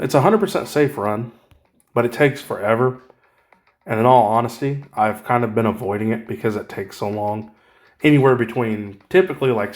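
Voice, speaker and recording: A man casually talking through his mobile game progress, rambling and correcting himself with wry asides. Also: lowish voice. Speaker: gaming channel host. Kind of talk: casual gameplay commentary.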